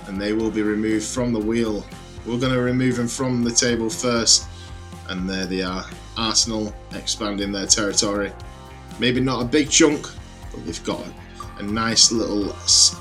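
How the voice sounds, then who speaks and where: A man commentating on his own football video game with energetic, exclamatory play-by-play. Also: mid-range voice. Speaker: gaming YouTuber.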